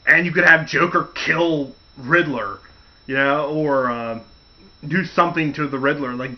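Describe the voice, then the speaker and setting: A man's voice: a little high, moderate pace, muffled recording. A man hosting a casual podcast, rambling through stories and acting out quotes along the way. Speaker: podcast host. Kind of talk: casual chat.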